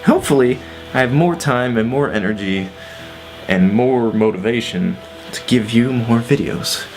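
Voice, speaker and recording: A man's voice: medium pitch, a little slow, soft background music. A man casually telling a personal story on his vlog, laid-back with lots of fillers and swearing. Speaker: vlogger.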